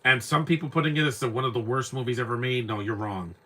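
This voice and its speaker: A man's voice: medium pitch, quick pace, bright, forceful tone. A young man giving casual live commentary on an old movie, rambling and repeating words as he searches for names.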